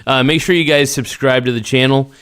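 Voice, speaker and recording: A man's voice: mid-range voice, fairly even intonation, brisk, fairly bright tone, smooth, no echo, clean studio sound. A man hosting a casual livestream, reading viewer comments aloud and answering them in a rambling, blunt way. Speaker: livestream host.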